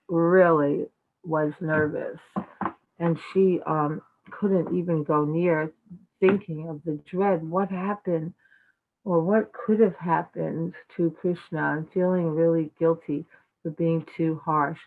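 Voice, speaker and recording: A woman speaking in a low-ish voice, retelling a sacred story in an animated, chatty way with plenty of "um" and "like." Her voice comes through a video call with thin, phone-like sound. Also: slow pace, slight background noise. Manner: animated, chatty, many fillers. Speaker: devotional speaker. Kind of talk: storytelling talk. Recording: tinny phone-like call audio.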